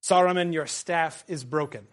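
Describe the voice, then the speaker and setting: A stern, commanding wizard's speech, read aloud in a fairly high tone and declaimed firmly, as a male teacher reads it to his class. The manner is simple dramatic read-aloud rather than full acting. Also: normal speed, natural voice.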